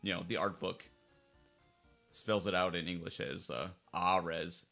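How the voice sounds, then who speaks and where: Low gravelly man in rambling commentary. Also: fairly even intonation, a little slow, sharp tone, faint music behind. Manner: rambling and conversational, circling back on his points. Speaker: fan translator commentating a playthrough. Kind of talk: casual let's-play commentary.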